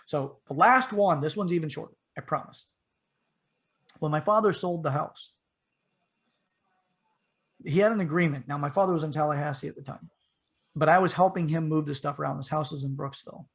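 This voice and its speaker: A man with a fairly high voice, relaxed and conversational. He rambles through a story from his childhood, stopping to correct himself and slipping into the voices of the people he describes. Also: brisk, vocal fry, pauses often. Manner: rambling, frequent restarts and asides, acts out the people in the story. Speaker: podcast co-host telling a childhood story. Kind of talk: casual storytelling.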